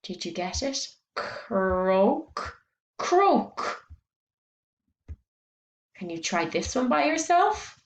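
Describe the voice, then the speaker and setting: A woman teaching a phonics lesson to young children, speaking slowly and clearly, stretching out sounds and encouraging them. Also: high voice, very animated, echoey room.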